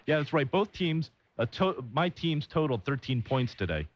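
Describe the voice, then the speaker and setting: A man hosting a call-in sports radio show, bantering and joking quickly with callers and a colleague. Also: fairly high pitch, very animated, no echo. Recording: dull lo-fi AM radio broadcast.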